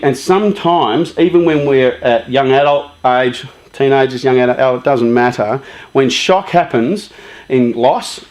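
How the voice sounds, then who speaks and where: A man's voice: mid-range voice, darkish tone. A man in his fifties giving a conversational, joking talk to a live youth group, often asking the audience questions. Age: 50s. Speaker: youth charity speaker.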